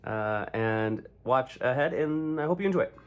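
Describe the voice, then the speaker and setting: A man's voice: mid-range voice, expressive, normal speed, loud music behind the voice. A man vlogging to camera about his training, upbeat and loose, swearing casually. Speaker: fitness vlogger. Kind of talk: casual vlog talk to camera.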